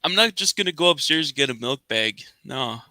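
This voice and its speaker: Bright-voiced Canadian man chatting. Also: mid-range voice, expressive, fairly quick, dry recording. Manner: laid-back, jokey, self-deprecating. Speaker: podcast co-host. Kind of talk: casual chat.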